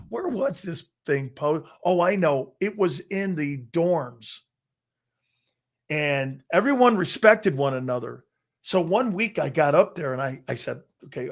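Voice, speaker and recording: Boastful, profane middle-aged male show host. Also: on the high side. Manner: boastful, profane, laughs often. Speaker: sports talk show host. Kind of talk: casual storytelling chat.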